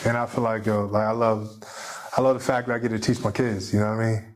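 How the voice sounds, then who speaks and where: A man's voice: fairly low pitch, level tone, fast. A man as a podcast guest talking casually and heartfeltly about his kids, rambling and often adding "you know what I mean". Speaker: podcast guest, jiu-jitsu competitor. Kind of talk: casual conversation.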